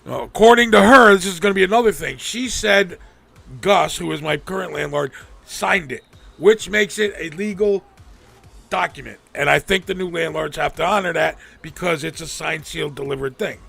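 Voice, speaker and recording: A man's voice: a little high, moderate pace, creaky, a bit bright, faint music behind. A man hosting a live stream, venting angrily and profanely, mocking the people he quotes. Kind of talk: ranting casual talk.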